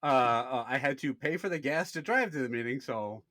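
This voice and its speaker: A man in his thirties, co-hosting a casual podcast, telling a story with lively acted-out quotes and plenty of swearing. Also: mid-range voice, brisk, no room sound. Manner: animated storyteller, acts out quoted people, swears freely. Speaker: podcast co-host.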